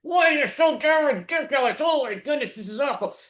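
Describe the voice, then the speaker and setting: A man's voice: very high voice, animated, fairly quick, a bit bright, roomy sound, voice pushed up. A man doing a babbling hitchhiker guy. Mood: frantic. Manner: exclaims "oh" constantly, rambling and stammering. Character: chatty male hitchhiker, easily delighted then panicky. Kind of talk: improv scene. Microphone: video call.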